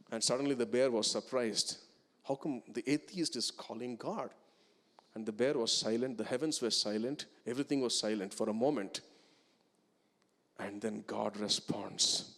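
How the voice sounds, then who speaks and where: A man with an Indian English accent preaching a sermon as a pastor, telling stories and rising to loud, emphatic peaks. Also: mid-range voice, moderate pace. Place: large church hall. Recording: reverberant church hall.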